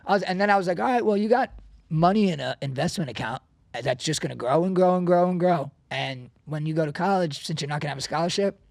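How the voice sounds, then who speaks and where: A man's voice: fairly high pitch, creaky, no echo. A middle-aged man hosting a podcast, telling stories in casual chat and swearing freely. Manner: fast, swearing, storytelling. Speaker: podcast host.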